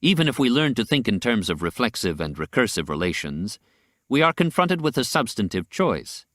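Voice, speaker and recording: A man narrating a nonfiction audiobook in a measured, deliberate reading style. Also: on the low side, very animated, a bit bright, no room sound, studio quality.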